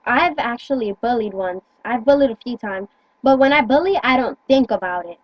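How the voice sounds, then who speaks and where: A woman's voice: on the high side, expressive, moderate pace, no room sound, highs cut off. A teenage girl talking earnestly into a phone in casual chat, rambling and stumbling over her words. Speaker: teen vlogger.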